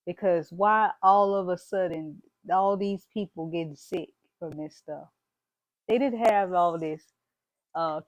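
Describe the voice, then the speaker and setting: This woman's slightly mellow voice sits on the low side as she delivers an emphatic, preachy motivational vlog to camera, sprinkling in "y'all" and "baby." The sound is dry, with the highs cut off.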